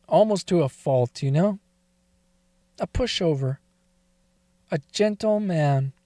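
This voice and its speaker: A man's voice: high voice, mellow, no room sound, clean studio sound. A man narrating a first-person story in a confessional, emotionally wavering way.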